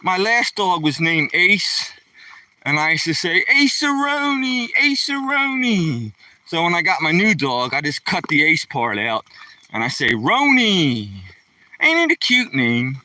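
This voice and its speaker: A man's voice: on the high side, moderate pace, bright, forceful tone, no room sound, recorded from a distance. A man livestreaming casually, rambling in a folksy way and chatting to viewers by name. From Pennsylvania. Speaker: livestreaming vlogger. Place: outdoors by a lake, walking a dog.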